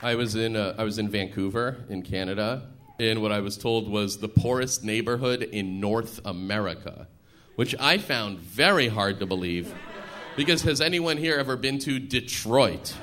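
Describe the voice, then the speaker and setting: A man's voice: lowish voice, normal speed, a bit bright. A male stand-up comedian riffing with the audience, chatty and laughing as he goes. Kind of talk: stand-up with crowd work. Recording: live stage recording with clear noise.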